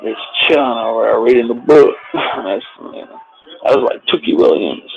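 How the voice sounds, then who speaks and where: Man, middle-aged, gravelly fry, mid pitch, rambling profane chat, repeats himself. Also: moderate pace, highs cut off. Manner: yells excitedly at a football game on TV.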